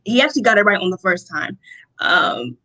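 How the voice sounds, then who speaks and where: Bright-voiced young woman telling a story. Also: medium pitch, fairly quick, low-quality recording. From Rochester, New York. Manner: animated storytelling, acts out quotes, laughs often. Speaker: interview guest. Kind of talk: personal testimony in conversation.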